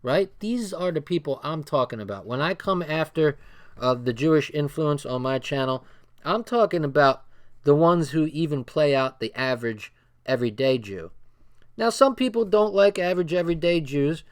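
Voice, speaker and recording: A man's voice: a little high, animated, normal speed. A man with a New Jersey accent reading a book aloud on a livestream and commenting bluntly, repeating phrases for emphasis.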